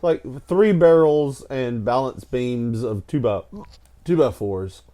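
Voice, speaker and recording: A man co-hosts a casual podcast, telling funny childhood stories with frequent laughter in a tired, stammering way. His medium-pitched voice is slow and dark in tone.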